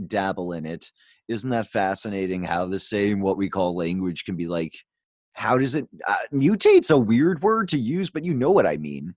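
A man's voice: on the low side, darkish tone, no room sound, clean studio sound. A man hosting a podcast in casual conversation, rambling with frequent restarts and fillers. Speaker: podcast host.

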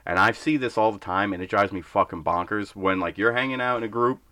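A young man co-hosting a podcast vents bluntly about the people he deals with at work. His voice sits low but comes across bright and forceful. The sound is dry and close to the mic. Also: fairly quick, dry recording. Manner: blunt, ranting, acts out voices in stories. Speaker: podcast co-host. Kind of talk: casual podcast chat.

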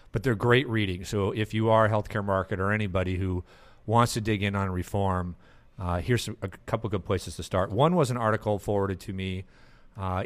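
A man hosting a podcast, chatting casually and laughing often as he talks. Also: fairly low pitch. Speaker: podcast host.

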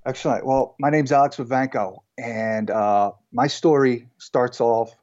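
A man being interviewed as a guest, telling his life story in a relaxed, casual way with frequent fillers and restarts. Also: medium pitch, measured pace, lo-fi sound. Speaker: guest entrepreneur.

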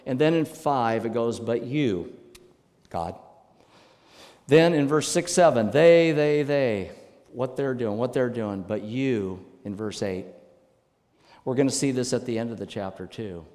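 Male pastor, mid-pitched, animated preaching style, long hall reverb. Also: normal speed. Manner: emphatic, animated preaching with sudden loud bursts. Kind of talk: sermon.

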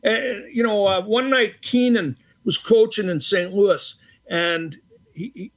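An older man from the Boston area spins anecdotes in a relaxed interview, voice sitting high for a man. He acts out both sides of old arguments and stumbles through fillers and restarts as he goes. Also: slow pace. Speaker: retired hockey referee, guest. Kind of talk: casual storytelling interview.

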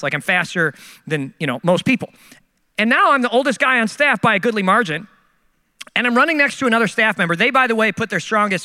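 Middle-aged male pastor, high bright voice, storytelling sermon, reverberant hall. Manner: storytelling, self-mocking, animated.

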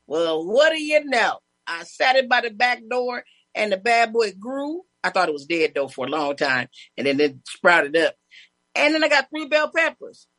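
A woman guest telling lively stories in casual chat, laughing and acting out other people's lines. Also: fairly high pitch, normal speed, no room sound. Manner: animated, laughing, acts out neighbors' lines.

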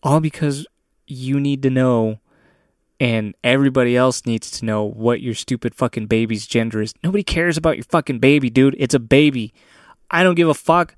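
A man's voice: mid-range voice, normal speed, no echo, clean studio sound. A young man hosting a podcast, ranting alone in a crude, heavily profane and sardonic way. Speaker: podcast host. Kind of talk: profane solo rant.

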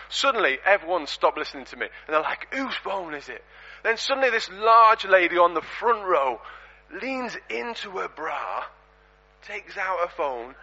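A man preaching a storytelling sermon in a church, animated and conversational, full of rhetorical questions. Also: high-pitched, normal speed. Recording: dull lo-fi recording.

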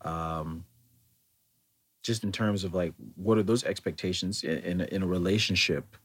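A man's voice: sits low, fairly even intonation, unhurried, slightly rough. An American man talking in a thoughtful, meandering way, with many fillers and restarts, in a reflective solo monologue. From United States.

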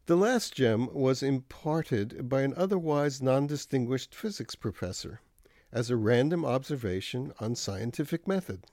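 A man delivers a scripted radio commentary at a slow, unhurried pace. His manner is dry and wry, with measured phrasing. The sound is close and dry, with no room echo. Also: mid-range voice, lively intonation, a little mellow.

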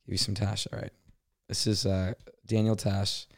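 A man's voice: lowish voice, little pitch movement, normal speed, creaky, dry recording, clean studio sound. A man hosting a casual chat, introducing comedy clips and swearing casually. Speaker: podcast host playing comedy clips.

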